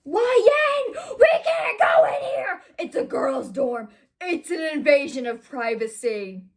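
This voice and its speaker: A woman voicing a whiny, panicky teenage boy wizard who yelps and cries out in shrill, high shouts. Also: very animated, slow, full character voice. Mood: panicked.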